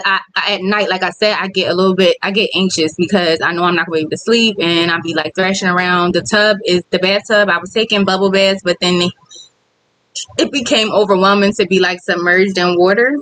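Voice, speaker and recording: A woman's voice: lowish voice, fairly bright tone, no room sound, low-quality recording. A woman vlogger with kids, talking candidly on a casual livestream and reading viewer comments aloud. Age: adult with kids.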